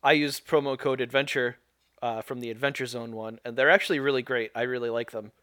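A man's voice: mid-range voice, steady tone, brisk, a bit bright, no echo, studio quality. A man co-hosting a podcast, recapping a show in casual chat, rambling and laughing often.

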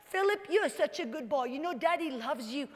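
A woman's voice: high voice, lively intonation, brisk, big-room sound. A woman voicing a loving father who soothes and reassures his son. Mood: reassuring. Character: gentle loving father promising a gift.

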